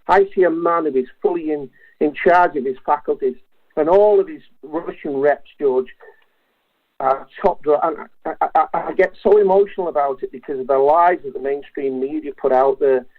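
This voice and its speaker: Impassioned caller on a phone line. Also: male voice, a little high, normal speed. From England. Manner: earnest and impassioned, repeatedly addressing the host by name. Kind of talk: phone-in call.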